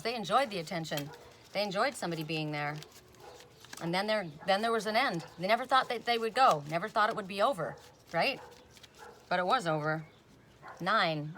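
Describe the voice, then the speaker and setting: Lady doing a chatty card reading, keeps saying right?, bright sharp voice. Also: medium pitch, slight background noise. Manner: chatty, often tags "right?", breaks off with sudden emphatic "Stop.". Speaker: oracle card reader. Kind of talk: casual spoken card reading.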